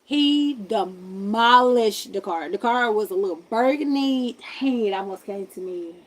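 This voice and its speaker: A woman streamer telling a personal story in a casual, animated way, full of slang and talking straight to her viewers. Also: medium pitch, unhurried.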